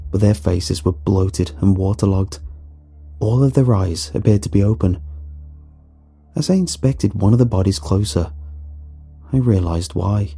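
A man reading a horror story aloud in a dramatic, animated way, with faint music behind. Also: on the low side, gravelly, slightly rough. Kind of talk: scripted horror narration.

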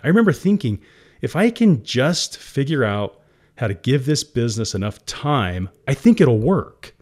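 A man's voice: medium pitch, a little mellow. Earnest man telling his founder story. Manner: earnest, emotional, conversational. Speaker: company founder and CEO, guest. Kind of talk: candid interview storytelling.

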